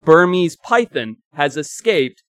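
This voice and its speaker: A young man from Africa, co-hosting a podcast, telling stories in an animated, emphatic way, sometimes swearing. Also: a little high, slow, no echo. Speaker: podcast co-host. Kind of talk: casual chat and storytelling.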